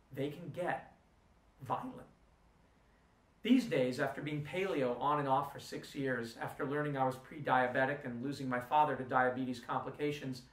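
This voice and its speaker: A man lecturing earnestly, weaving a personal story into an argument and posing rhetorical questions. His voice sits a bit high for a man. The sound is roomy and picked up from some distance. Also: fairly bright tone. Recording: roomy room, distant mic.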